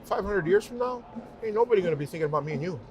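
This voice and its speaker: Animated, rambling man telling stories. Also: high-pitched, racing. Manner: animated storyteller, rambling and emphatic. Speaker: professional singer, podcast guest. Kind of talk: casual interview talk.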